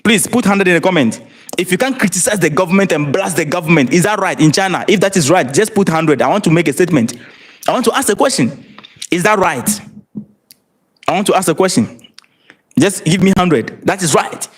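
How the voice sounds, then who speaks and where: Ghanaian male livestream commentator, high and very lively, emphatic and rhetorical. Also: a little fast, husky. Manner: repeats and restarts words, laughs between points. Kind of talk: live-streamed political commentary.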